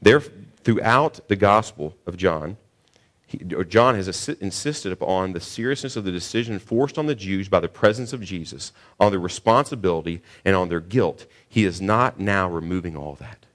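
Earnest preacher, low male voice. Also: animated, normal speed, fairly bright tone. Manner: earnest, stumbles and repeats words, rises to emphatic questions. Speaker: pastor. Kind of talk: sermon.

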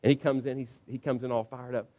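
A man's voice: quick pace, lo-fi sound. A middle-aged man preaching a sermon, telling stories in a conversational way and checking in with the congregation with frequent asides. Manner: acts out quotes with sudden high excited pitch. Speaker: pastor.

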